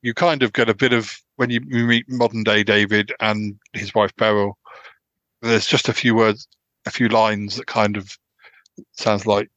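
British male podcast host, lowish voice, meandering and relaxed, dry sound. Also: normal speed, dry recording, highs cut off. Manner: rambling, pieces thoughts together as he goes. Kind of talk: casual chat about TV dramas.

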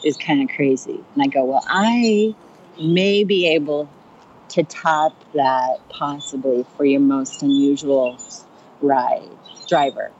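Woman comedian, low voice, chatty storyteller acting out quotes, slightly muffled recording with faint hiss. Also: steady tone, measured pace, a little mellow. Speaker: stand-up comedian and rideshare driver. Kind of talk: casual storytelling on a podcast.

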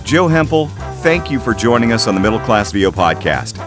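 A man co-hosting a podcast, excitable and jokey, often laughing. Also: on the low side, brisk, over music. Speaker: podcast co-host. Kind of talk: casual chat.

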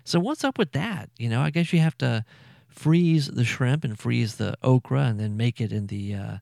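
A man's voice: mid-range voice, lively intonation, moderate pace, gravelly, a little mellow, no echo, studio quality. A man hosting a food podcast, chatting casually with frequent fillers and repeated words. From Louisiana. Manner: chatty, repeats himself, lots of fillers and stammers.

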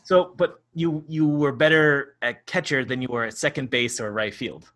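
Bright-voiced man telling rambling stories. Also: medium pitch, moderate pace. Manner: rambling storyteller, laughs often, swears. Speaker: podcast co-host. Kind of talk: casual chat.

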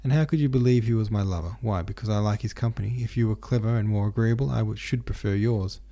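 A man's voice: on the low side, fast talker, close to an everyday voice. A man voicing a haughty, contemptuous noblewoman who speaks scornfully to her husband in a storybook reading. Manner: scornful, sharp-tongued.

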